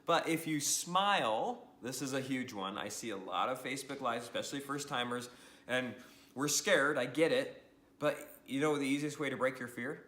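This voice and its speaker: A man giving an energetic social media training talk to the camera, upbeat and animated, often laughing and tagging lines with "right?". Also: medium pitch, moderate pace, roomy sound.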